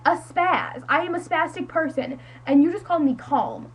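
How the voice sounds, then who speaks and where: A woman's voice: sits high, moderate pace, low-quality recording. A teenage girl from the United States telling a friend a story in a casual, dramatic, self-mocking way, full of "like". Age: teens. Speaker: vlogger.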